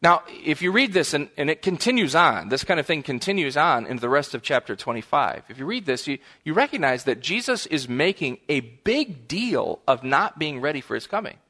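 A middle-aged man delivers a sermon, weaving a story into his teaching. His voice is bright and forceful and sits slightly high. He drives his points home with emphatic repetition. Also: big pitch swings, a little fast, few pauses. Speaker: preacher. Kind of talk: sermon on a parable.

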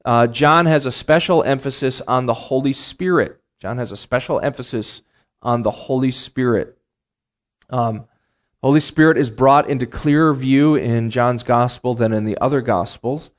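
Middle-aged male Bible teacher, mid-pitched, lecturing a class with ums and uhs and repeated key points. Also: normal speed. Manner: explains terms plainly, repeats key phrases, many ums and uhs.

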